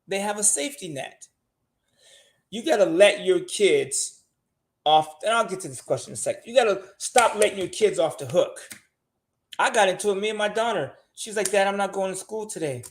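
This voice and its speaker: A man's voice: high voice, lively intonation, moderate pace, long pauses. An older man, a show regular, giving blunt money advice in casual podcast talk and swearing freely.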